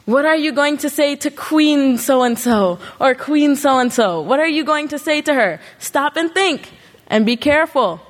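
A woman with a slightly high voice delivers an earnest sermon, exhorting her listeners with a run of rhetorical questions. Her words ring out with a long reverb, as in a large hall. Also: lively intonation, unhurried. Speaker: congregation speaker.

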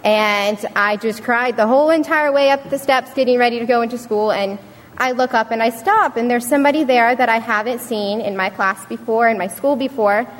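A woman's voice: on the high side, brisk. A young woman giving an earnest prepared speech to an audience, telling a personal story. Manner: earnest, storytelling with acted quotes. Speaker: student speaker. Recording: reverberant hall.

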